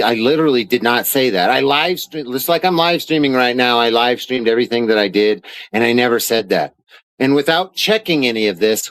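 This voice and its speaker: A man's voice: mid-range voice, fairly bright tone, dry recording, rough recording. A man on a live stream, angrily denying claims and reading arrest papers aloud while swearing often, from his home studio. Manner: indignant, swearing often, reads documents aloud. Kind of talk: angry live-stream rant.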